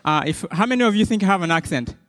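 A young man from Rwanda with a Rwandan accent, giving a personal testimony to an audience in a halting, friendly way with many fillers and restarts. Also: high voice, lively intonation, fairly bright tone. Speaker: guest speaker. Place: large hall with an audience. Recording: long hall reverb.

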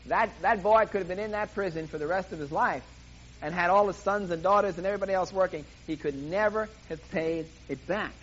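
A man's voice: high-pitched, a bit bright, highs cut off, a little hiss or hum. A man preaching a sermon in an emphatic, impassioned way, often repeating himself for emphasis.

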